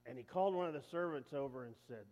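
A man's voice: medium pitch, rapid-fire, highs cut off. Man preaching in an echoey hall. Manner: lively, jokey, talks to the audience. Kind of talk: sermon storytelling.

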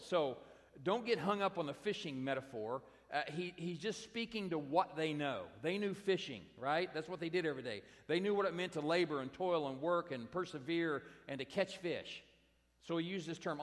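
A man's voice: fairly high pitch, moderate pace. A pastor preaching a sermon to his congregation, emphatic and direct, repeating his key phrases. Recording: long hall reverb.

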